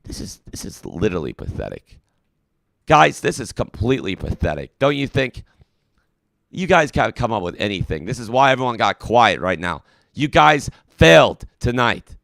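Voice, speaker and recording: A man's voice: medium pitch, big pitch swings, moderate pace, gravelly, a bit bright, dry recording, studio quality. A man hosting a comedic mock call-in hotline, indignant, preachy and exasperated with his callers. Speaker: call-in show host.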